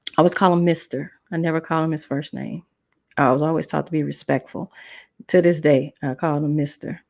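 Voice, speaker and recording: A woman's voice: deep voice, fairly even intonation, a little fast, vocal fry, darkish tone, no room sound, clean studio sound. A woman podcast host telling a personal story in a conversational way, acting out the dialogue of the people in it. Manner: conversational, acts out dialogue in voices.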